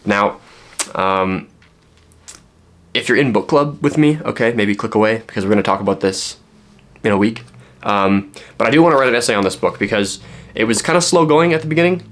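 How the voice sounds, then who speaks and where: A man's voice: lowish voice, lively intonation, a little fast, long pauses, fairly bright tone. A man vlogging a book haul in a casual, rambling way, full of fillers and joking asides.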